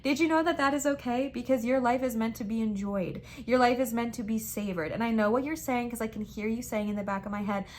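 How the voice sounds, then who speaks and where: A woman's voice: on the high side, fast, few pauses, a little hiss or hum. A young woman giving a casual tarot reading, talking with emphatic, repeated reassurances and slangy, chatty phrasing. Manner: chatty and slangy, says frickin' and bestie. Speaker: tarot reader.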